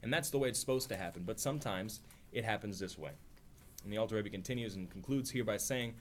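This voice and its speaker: Low-voiced man teaching a Bible study. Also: quick pace, a little hiss or hum. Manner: conversational, acts out quotes with rising voice, frequent "right?". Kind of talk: informal religious teaching.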